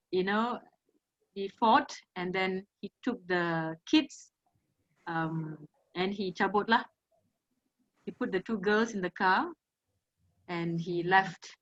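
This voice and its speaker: A woman's voice: mid-range voice, fairly bright tone, muffled recording. Tearful Malaysian woman telling her story. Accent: Malaysian English. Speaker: guest, survivor of domestic violence. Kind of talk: emotional personal testimony.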